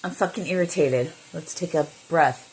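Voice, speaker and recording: A woman's voice: low-pitched, moderate pace, darkish tone, slight background noise, rough recording. A middle-aged woman talking casually into her phone camera, blunt and given to swearing, audibly irritated. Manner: blunt, swears freely, talks to herself. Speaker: vlogger. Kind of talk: casual vlog.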